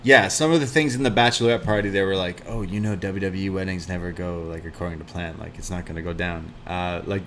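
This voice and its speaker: A man reviewing a wrestling show in casual podcast chat, excitable, laughing often and acting out quotes. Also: deep voice, fast talker, hardly any pauses, a little hiss or hum.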